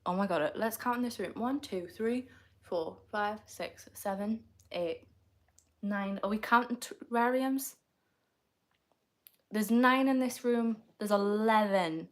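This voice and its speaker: A woman's voice: mid-range voice, measured pace. A woman, chatting casually on a livestream, answering comments in a playful, teasing way and laughing often.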